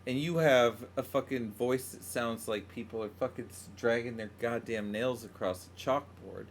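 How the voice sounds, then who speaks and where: A man's voice: medium pitch, normal speed, a little hiss or hum. A man hosting a podcast, teasing his co-host and swearing freely as he chats and reads out news stories. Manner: profane, teasing. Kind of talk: casual banter.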